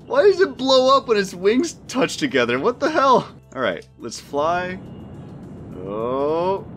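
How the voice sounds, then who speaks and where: A man hosting a gameplay video, reacting excitedly as he plays, laughing often and swearing when things go wrong. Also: high voice, slow pace, soft background music. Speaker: gaming video host. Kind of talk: let's play commentary.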